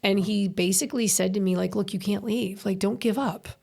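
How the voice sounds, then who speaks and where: A woman's voice: mid-range voice, brisk, creaky. A middle-aged woman from New York, a podcast guest telling stories in casual chat, swearing freely and acting out what people said. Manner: swears freely, animated storyteller acting out quotes.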